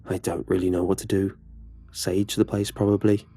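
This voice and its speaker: A man's voice: low-pitched, flat delivery, moderate pace, warm tone, faint music behind. A man narrating a horror story in a casual, conversational way.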